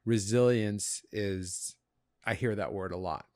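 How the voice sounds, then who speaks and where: A man speaks as a psychologist guest on a podcast, his voice a little low. The sound is dry and close. He explains thoughtfully and often repeats words as he thinks. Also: slow, darkish tone, no room sound. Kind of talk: casual conversation.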